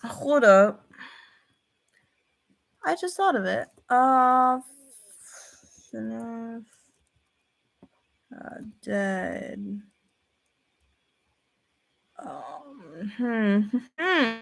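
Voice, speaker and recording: A young woman in casual reaction commentary, excitable, thinking out loud with fillers and repeated phrases. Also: on the high side, drawn-out words, gravelly, long pauses. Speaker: reaction video host.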